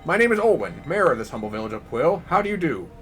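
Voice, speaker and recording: Fussy, nervous woman mayor from a game, read by a male player; polite, flustered chatter, pitched up. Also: sing-song, fast talker, fairly bright tone, faint music behind. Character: nervous, fussy middle-aged female village mayor.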